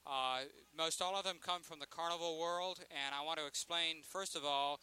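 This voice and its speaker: Measured man introducing a festival stage. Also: a little high, steady tone, sharp tone, clean tone, rough recording. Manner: measured and explanatory, with small hesitations. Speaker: festival presenter.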